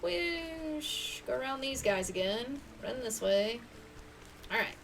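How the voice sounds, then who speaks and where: A woman's voice: high-pitched, lively intonation, slow pace, gravelly, fairly bright tone, distant mic, a little hiss or hum. A woman streaming a video game, chatting in a playful, self-mocking way as she plays. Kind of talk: casual gameplay chat.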